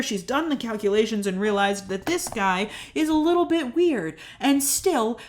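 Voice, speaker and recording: Laughing, animated woman recapping a movie. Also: fairly high pitch. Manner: animated, incredulous, frequent laughter. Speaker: video essay host.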